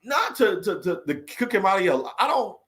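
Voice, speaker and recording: A man with a fairly high voice delivers an earnest, preachy monologue straight to the listener. His delivery rambles, with restarts and repeated phrases, and he swings between raised, emphatic questions and quieter, subdued stretches. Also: sing-song, brisk. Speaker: vlogger giving a motivational talk. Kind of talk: unscripted heartfelt monologue to camera.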